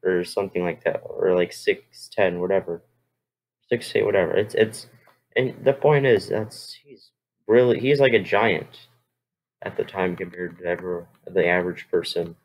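A man's voice: low voice, moderate pace, low-quality recording. A man reacting to a history video with rambling, exclamatory casual asides.

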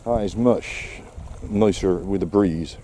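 A man's voice: low voice, takes it slowly, warm tone, slight background noise. A man giving casual vlog commentary outdoors while walking his dog, full of wry, sarcastic asides. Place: outdoors on a seaside quay.

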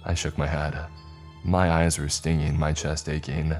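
A man reading a horror story aloud in a measured, dramatic narration. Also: a bass voice, level tone, darkish tone, soft background music.

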